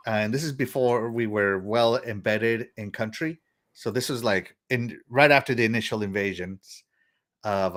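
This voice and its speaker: Rambling middle-aged Texan podcast host. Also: male voice, fairly low pitch, fairly bright tone. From Texas. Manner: rambling, laughs often. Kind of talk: casual chat, reading viewer comments.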